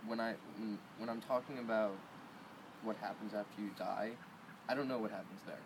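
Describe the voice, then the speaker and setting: A man's voice: lowish voice, steady tone, brisk, noisy background. A man talking casually as a guest, hesitant and restarting sentences, his voice shaking from the cold. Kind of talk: casual conversation.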